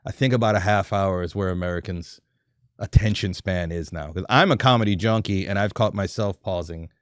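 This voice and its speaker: A man with a low, smooth, resonant voice talks easily as a podcast guest. He is chatty and laughs often, and he is recorded close and dry. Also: no echo. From New York. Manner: relaxed, chatty, laughs often, quick restarts. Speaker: comedian and showrunner, guest. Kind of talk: casual podcast interview.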